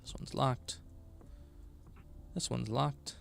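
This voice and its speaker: A man's voice: mid-range voice, measured pace, gravelly, a bit bright, faint music behind. A tired man chatting casually on a live stream while building a game, often mumbling to himself.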